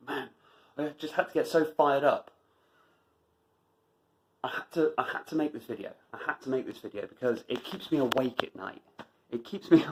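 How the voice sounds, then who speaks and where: A man's voice: mid-range voice, rough recording. A man delivering an emphatic motivational monologue as a running vlogger, driving points home by repeating phrases.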